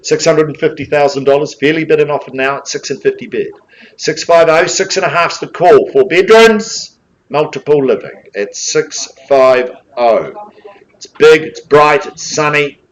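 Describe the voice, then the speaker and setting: Auctioneer, male, New Zealand accent, fairly high voice, calls live bids and teases the room. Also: moderate pace, slight background noise, rough recording. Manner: joking, coaxing banter between bid calls. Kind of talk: live property auction calling.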